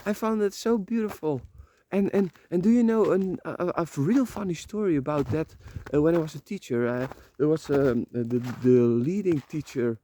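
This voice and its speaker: Rambling man, dark voice. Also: a little high, normal speed, few pauses, slight background noise. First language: Dutch. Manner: rambling, repeats words, swears casually. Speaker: vlogger. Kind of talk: emotional personal vlog monologue. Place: rented room.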